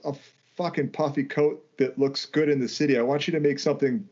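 Male podcast co-host, ranting and profane, halting delivery, dull lo-fi audio. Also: medium pitch, fairly even intonation, darkish tone. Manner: ranting, swears freely, stumbles and restarts. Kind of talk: casual podcast chat.

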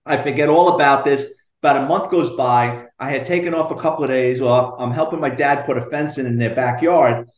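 A retired police detective, telling animated, profane stories in a podcast interview and acting out the quotes. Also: male voice, medium pitch, brisk, reverberant. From New York.

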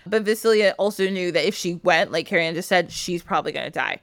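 A woman hosting a podcast, casually retelling a folk tale with a loose, animated delivery full of "like". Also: lowish voice, fast, dry recording. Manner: animated retelling with frequent laughs and "like". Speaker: podcast host. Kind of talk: casual storytelling chat.

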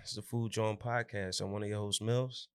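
A man co-hosting a podcast, telling stories in an animated, slangy way and acting out quotes. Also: fairly low pitch, normal speed, clear, resonant tone, no room sound. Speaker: podcast co-host. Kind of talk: casual chat.

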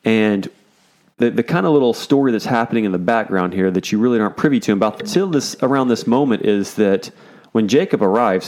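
A man's voice: on the low side, darkish tone. Laid-back slangy man teaching scripture. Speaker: Bible study teacher. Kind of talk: casual Bible teaching.

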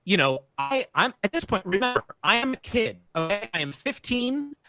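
A middle-aged man tells a long story in casual podcast chat. His voice is high and swings widely, and it has a bright, forceful edge. He talks in animated bursts with many restarts, recorded close and dry. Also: normal speed, no echo, soft background music. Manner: animated, breathless, lots of restarts and self-quotes. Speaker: guest storyteller.

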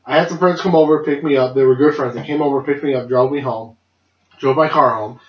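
A young man talks loosely through a long story, full of restarts, swearing and small laughs. He sits at an easy middle pitch. The recording is muffled and echoes in the room. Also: brisk. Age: young adult. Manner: rambling, laughs often, swears freely. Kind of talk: casual podcast storytelling. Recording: dull lo-fi roomy recording.

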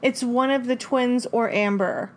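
A woman guessing answers in a casual trivia chat, animated and quick to exclaim. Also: a little high. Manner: animated, exclaims and gasps, mild minced oaths. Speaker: quiz contestant.

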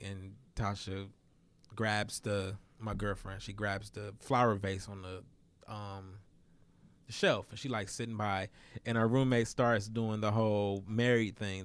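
A young man in casual chat, telling a story in an animated way and acting out the quotes. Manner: animated storytelling, acts out quotes with sudden high-pitched squeals.

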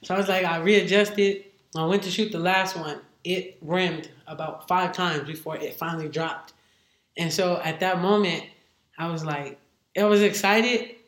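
A woman's voice: lowish voice, measured pace, echoey room. A woman who is a football head coach, a guest telling stories in casual conversation and acting out what others said. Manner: animated, acts out what others said. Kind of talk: casual interview storytelling.

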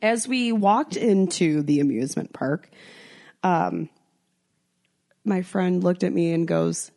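A woman's voice: on the low side, unhurried, creaky, long pauses. A young American woman co-hosting a podcast, telling a travel story with lots of swearing and acted-out quotes. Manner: animated storyteller, swears freely, acts out quotes. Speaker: podcast co-host. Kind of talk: casual chat.

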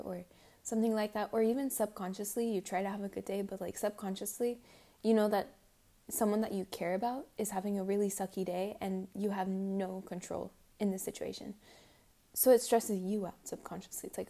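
Chatty young woman with a mellow voice. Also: medium pitch, steady tone, a little fast. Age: young adult. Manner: chatty, rambling, lots of "like". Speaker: student vlogger. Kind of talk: casual advice talk. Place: abroad, six hours ahead of home.

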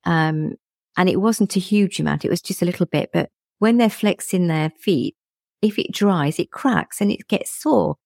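A middle-aged woman with a low, warm voice and a gravelly edge, chatting reflectively as a guest. She laughs often while she talks. The sound is dry and close. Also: moderate pace, no room sound. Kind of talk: casual conversational chat.

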